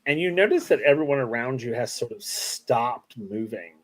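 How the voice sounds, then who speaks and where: A man's voice: mid-range voice, expressive, moderate pace. A man narrating a tabletop game as game master, casual and hesitant with many fillers.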